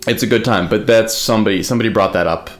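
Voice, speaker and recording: A man's voice: fairly low pitch, rapid-fire. A man co-hosting a podcast from the United States, telling stories in a rambling, filler-heavy casual chat. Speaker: podcast co-host.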